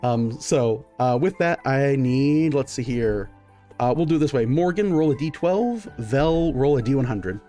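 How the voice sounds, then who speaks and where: A man's voice: mid-range voice, lively intonation, a little slow, mellow, soft background music. A man narrating a tabletop game as game master, in a loose, filler-heavy way.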